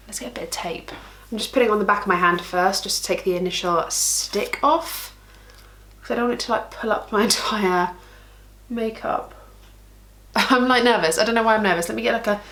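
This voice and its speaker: A woman's voice: medium pitch, a bit bright. Chatty, giggly woman vlogger. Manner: chatty, giggly, thinks aloud as she works. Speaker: makeup vlogger. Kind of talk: casual makeup tutorial chat.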